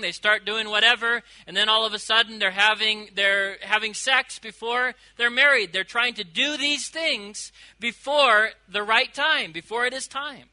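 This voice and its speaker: A man preaching a sermon to a congregation, animated and shifting between loud emphasis and quiet asides, stretching out quoted lines. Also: high voice, low-quality recording. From United States. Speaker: pastor.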